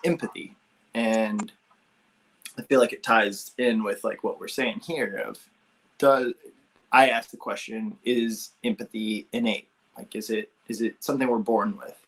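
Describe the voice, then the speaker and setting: A man's voice: fairly low pitch, fairly bright tone. Give me a male podcast host in casual chat, musing and hedging as he goes. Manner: thoughtful, hedging, many restarts.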